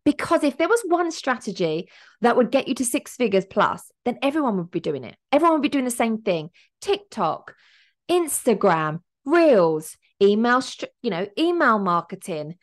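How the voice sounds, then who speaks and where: A woman's voice: on the high side, very animated, normal speed. A woman in her thirties talks through a solo podcast episode. She speaks as a business coach, upbeat and motivational, sometimes emotional, with plenty of everyday fillers.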